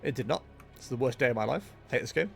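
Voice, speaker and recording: A man's voice: medium pitch, lively intonation, fast talker, creaky, soft background music. A young man giving casual, jokey gameplay commentary as a streamer, chatting with his viewers. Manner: jokey, self-mocking, chatty with chat. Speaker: game streamer.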